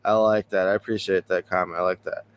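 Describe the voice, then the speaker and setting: A man's voice: low voice, little pitch movement, quick pace, smooth. A man hosting a casual podcast, talking loosely and rambling with frequent chuckles. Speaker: podcast host.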